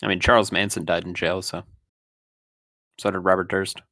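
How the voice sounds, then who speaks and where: A man co-hosting a podcast, chatting casually with dry, quick-witted remarks. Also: deep voice, level tone, sharp tone, dry recording. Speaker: podcast co-host. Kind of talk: casual chat.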